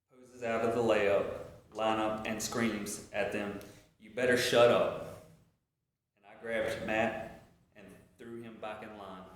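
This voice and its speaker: Guy retelling a speech story, slow and kinda halting, lots of echo, webcam sound. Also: on the low side. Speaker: speaker reciting a speech. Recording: very echoey room.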